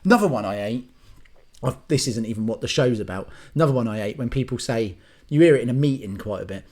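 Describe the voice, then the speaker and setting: A man's voice: medium pitch, animated, fast talker, darkish tone. A man, rambling through a sarcastic, casual comic rant to camera and swearing freely. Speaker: YouTube ranter and host.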